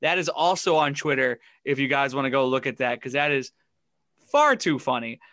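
Man, podcast co-host, bright forceful voice, dry close sound, laughs a lot. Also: medium pitch, lively intonation, moderate pace, dry recording. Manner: laughs often while recounting funny stories. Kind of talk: casual sports chat.

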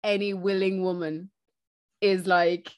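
A woman's voice: on the low side, flat delivery, slow, a little mellow, clear, resonant tone. A young woman, co-hosting a casual podcast, blunt and jokey with crude asides. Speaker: podcast co-host. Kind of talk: casual chat.

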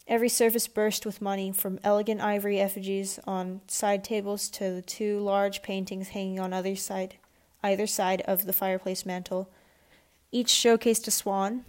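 A woman reading a children's chapter book aloud at a steady pace, with small restarts. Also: medium pitch. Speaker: audiobook reader. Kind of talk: storybook read-aloud.

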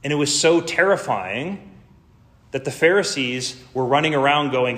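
A man's voice: fairly high pitch, expressive, measured pace, fairly bright tone. A man preaching a sermon in an earnest, emphatic way, building lists and drawing out key words. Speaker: pastor.

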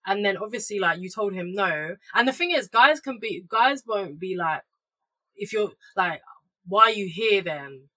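A woman's voice: medium pitch, expressive, moderate pace, fairly bright tone. A young woman, chatting bluntly and sharing her opinions as a podcast co-host. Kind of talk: casual chat.

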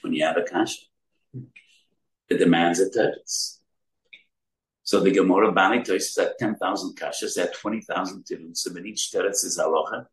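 A man's voice: low-pitched, steady tone, moderate pace, long pauses, echoey room, low-quality recording. A man giving an emphatic Torah sermon in English, weaving in Hebrew terms and asking rhetorical questions. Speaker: rabbi giving a Torah talk.

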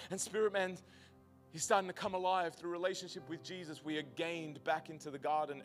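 A man preaching a sermon as pastor to a congregation in church, swinging from loud, emphatic peaks to a quiet, earnest close. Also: high voice, fairly even intonation, brisk, soft background music. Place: church service before a congregation.

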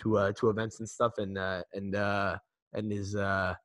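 A man's voice: lowish voice, flat delivery, normal speed, fairly bright tone. A man co-hosting a casual sports podcast, rambling with lots of restarts and casual swearing. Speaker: podcast co-host.

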